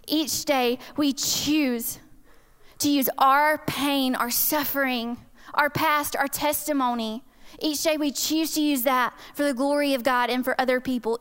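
A woman with a high voice speaks to a church crowd in measured phrases, repeating her key lines for weight. A long reverb from the large hall hangs behind her words. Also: a bit bright. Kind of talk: devotional talk.

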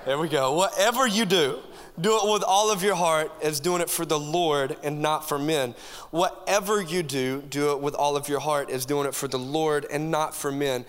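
Youth pastor guy, high sharp voice, jokey and pumped, big echoey church hall. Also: normal speed, smooth. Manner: animated, joking, talks straight to the crowd. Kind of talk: energetic sermon to a congregation. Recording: long hall reverb from a church room.

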